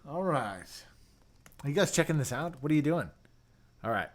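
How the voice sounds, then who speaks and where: A young man hosting a casual livestream, chatty and excitable, reading viewer comments and dropping into mumbled asides. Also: fairly high pitch, normal speed. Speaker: livestream host reviewing keyboards.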